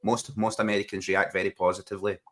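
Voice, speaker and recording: A man's voice: on the low side, little pitch movement, fast talker. A man with a Glaswegian accent, co-hosting a football watchalong stream in casual chat, joking and laughing often. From Scotland. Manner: joking, laughs often, says "Daniel" and "bro". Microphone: webcam stream mic, video call.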